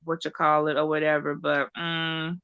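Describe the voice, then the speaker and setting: A woman in a casual panel chat, rambling and animated, often trailing off mid-sentence. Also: deep voice, normal speed, highs cut off, crowd noise. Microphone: home podcast setup.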